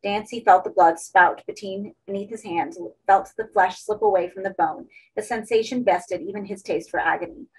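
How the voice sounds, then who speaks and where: Female audiobook reader, husky, mid pitch, steady horror narration. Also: normal speed, few pauses, low-quality recording.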